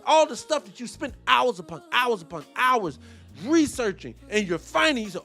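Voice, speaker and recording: Man, high voice, lively swings, heated reaction commentary, profane rhetorical questions, music underneath. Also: fairly quick.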